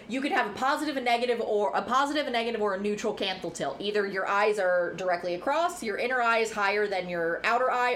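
A woman's voice: medium pitch, fairly bright tone. A young adult woman co-hosting a podcast, chatting casually and frankly, rambling through her points and swearing now and then. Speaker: podcast co-host. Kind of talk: casual chat. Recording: faint background noise.

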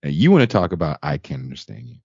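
A man hosting a podcast, chatting casually and telling animated, joking stories. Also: extremely low pitch, fast talker, breathy edge, no room sound. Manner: animated, laughing, storytelling. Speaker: podcast host. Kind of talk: casual chat. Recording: dull lo-fi sound.

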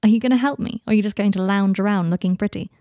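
A woman's voice: mid-range voice, very fast, mellow, dry recording, studio quality, close to an everyday voice. A woman voicing an easygoing, teasing young man in a casual manner.

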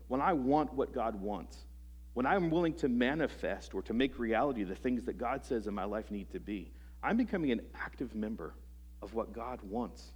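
A man's voice: mid-range voice, breathy edge. Earnest male preacher with mid-range voice. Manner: earnest, rhetorical questions to the congregation; halting restarts, soft trailing phrase ends. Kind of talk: sermon. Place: church service before a congregation.

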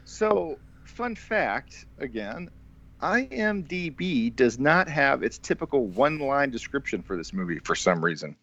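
A man's voice: medium pitch, sing-song, measured pace, fairly bright tone, lo-fi sound. A man hosting a casual movie podcast, joking around and tripping over his words now and then. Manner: jokey, stumbles and repeats words. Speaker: podcast host.

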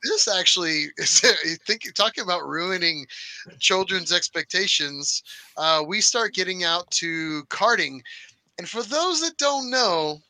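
A man telling stories in casual podcast chat, boastful and energetic. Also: high voice, a little slow, no echo, low-quality recording. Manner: boastful, energetic trash-talking storyteller. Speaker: podcast co-host.

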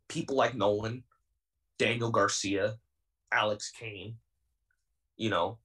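A young man in his twenties speaks as a wrestling guest on a podcast. His delivery is heated and defiant, and he pushes every point hard. His voice sits at an ordinary pitch and sounds slightly distant from the microphone. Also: a bit bright. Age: 20s. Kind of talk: podcast interview.

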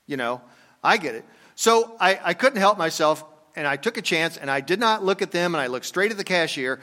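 An older man preaching a conversational sermon, telling a story and dropping into quiet asides. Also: high-pitched, expressive, fairly quick. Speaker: pastor. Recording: long reverb from a hall.

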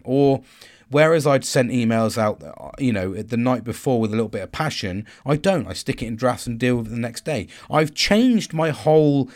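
A man talks through his thoughts at an ordinary middle pitch. He circles back and restarts often, in a loose, reflective monologue. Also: a little mellow. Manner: rambling, with frequent restarts and asides. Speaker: host.

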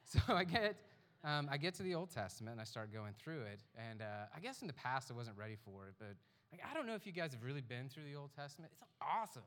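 A man's voice: medium pitch, lively intonation, quick pace, a bit bright. Guy giving a jokey sermon, kinda out of breath, pokes fun at himself, echoey church hall. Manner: jokey, self-mocking, rambling. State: a little out of breath. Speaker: guest speaker. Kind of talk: casual testimony sermon. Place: church auditorium. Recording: reverberant hall.

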